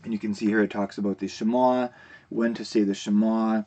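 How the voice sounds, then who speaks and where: A man teaching a recorded video lesson, explaining terms in a relaxed way with frequent fillers and restarts. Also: lowish voice, fairly quick.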